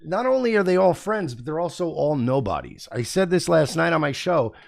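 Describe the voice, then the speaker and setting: Man, radio host, gravelly, fairly high voice, blunt and crude, rambling, dry close sound. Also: sing-song, fairly quick, no room sound. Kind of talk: casual, crude talk-show banter.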